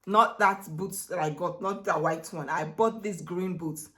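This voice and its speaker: A woman in her thirties chatting excitedly and rambling in a casual try-on haul vlog at home. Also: on the low side, measured pace. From Netherlands. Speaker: beauty vlogger. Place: home room. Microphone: camera set down, handheld mic removed.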